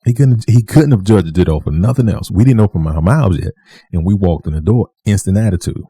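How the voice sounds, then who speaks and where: A man telling a personal story casually to the camera, animated and repeating himself for emphasis, acting out what others said. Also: sits low, fairly quick, slightly rough, no echo. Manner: animated, acts out dialogue with shifting voices. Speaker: vlogger.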